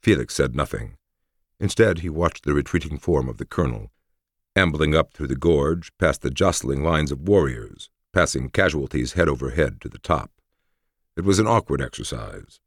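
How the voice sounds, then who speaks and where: A man narrating a story in a measured, even storytelling manner with a gravelly voice. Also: rumbling low, no room sound, studio quality. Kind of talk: audiobook narration.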